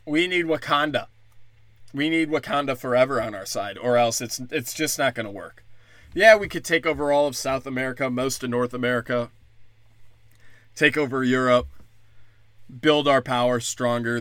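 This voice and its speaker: Man, podcast host, sarcastic profane rant, bright voice, dry close sound. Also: medium pitch, moderate pace, no room sound. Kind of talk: casual comedic rant.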